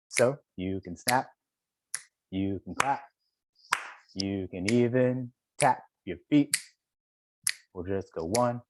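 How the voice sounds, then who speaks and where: A man's voice: on the low side, darkish tone, dry recording. A man, a poet, leading a virtual workshop for teachers over a video call, encouraging them and counting beats aloud.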